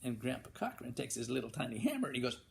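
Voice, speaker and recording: A man telling a folksy tall tale in a gravelly voice. His pitch swings widely as he acts out buzzes and bangs. He often restarts his sentences. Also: quick pace, a little hiss or hum. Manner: animated, with buzzing and banging sound effects and frequent restarts. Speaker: storyteller.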